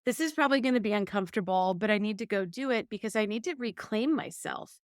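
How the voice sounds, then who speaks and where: Animated woman telling a story. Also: mid-range voice, fast talker, no room sound, clean studio sound. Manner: animated, acts out her own past quotes. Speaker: podcast co-host. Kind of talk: casual storytelling chat.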